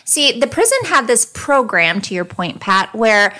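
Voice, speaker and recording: A woman hosting a true-crime podcast in casual chat, talkative and quick to laugh. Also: fairly high pitch, sing-song, pushed and bright. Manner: chatty, digresses, laughs easily. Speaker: podcast host.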